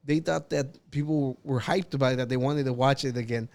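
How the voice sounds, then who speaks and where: A young man co-hosts a podcast in a medium-pitched, steady voice that runs a little fast, with vocal fry and a slightly mellow quality. He chats casually and rambles, full of fillers and laughter.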